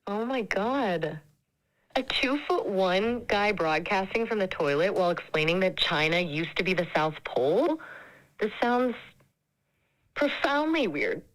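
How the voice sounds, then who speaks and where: A woman's synthetic AI assistant voice in casual chat, polite, measured and upbeat. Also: medium pitch, expressive, poor audio.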